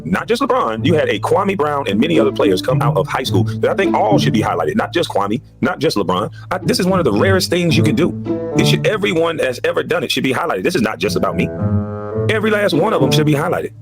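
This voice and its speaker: Man, fast heated rant, lively swinging pitch, repeats his points, music underneath. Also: vocal fry. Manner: emphatic, repetitive ranting. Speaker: former basketball player. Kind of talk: heated monologue on a podcast.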